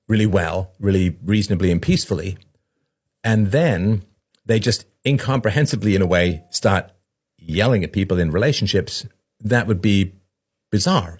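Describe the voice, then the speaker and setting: A low-voiced man talks through an idea in a long conversational monologue, the way a podcast host would. He keeps checking in with "right?" and briefly acts out the voices of the people he quotes. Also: moderate pace, breathy edge. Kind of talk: explanatory monologue.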